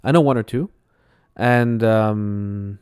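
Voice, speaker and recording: A man from Canada co-hosting a casual talk show, loose and quick to laugh. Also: fairly low pitch, a little mellow, clean tone, no room sound, clean studio sound. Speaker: co-host. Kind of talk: casual chat.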